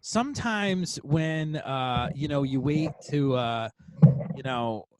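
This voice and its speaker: A man hosting a casual podcast chat over a remote call, animated, laughing often and using many fillers. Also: mid-range voice, takes it slowly, a little hiss or hum. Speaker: podcast host.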